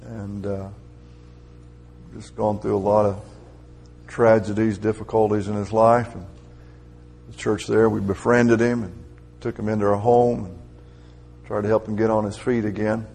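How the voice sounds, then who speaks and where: A man's voice: on the low side, little pitch movement, unhurried, long pauses, darkish tone, husky, soft background music. A middle-aged man preaching a conversational sermon, building to emphatic, raised peaks.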